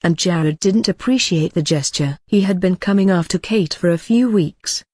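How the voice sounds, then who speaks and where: A steady audiobook narrator reading a horror story in a measured, even way. The voice sits close to the mic in a dead, dry space with no room sound at all. The pitch is middling, neither high nor low. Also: dry recording. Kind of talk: scripted narration.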